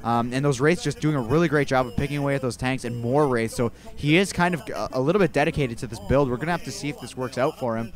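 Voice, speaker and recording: A young man casting a video game match in an easygoing, rambling way. He often backtracks and corrects himself mid-sentence. His voice sits at an ordinary middle pitch. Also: fast, few pauses. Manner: rambling, relaxed, self-correcting. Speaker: amateur esports caster. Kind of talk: casual play-by-play game commentary.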